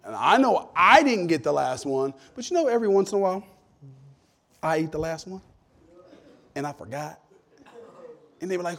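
A middle-aged male pastor, preaching a lively sermon full of personal stories, moving from jokey asides to loud rebukes. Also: a little high, moderate pace, vocal fry, pauses often. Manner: animated, shifts from jokey asides to shouted rebukes.

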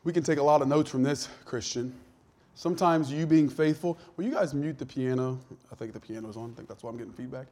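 A pastor preaching a conversational sermon in a church, joking with his congregation and swinging from hushed to loud. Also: medium pitch, fast talker. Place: church with a sound system.

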